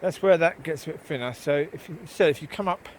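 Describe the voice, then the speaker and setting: A man's voice: on the high side, fairly quick, slight background noise, low-quality recording. A man vlogging while he walks his dogs along a rural path, rambling chattily and talking to the dogs. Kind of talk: casual talk while walking outdoors. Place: outdoors by water on a rural path.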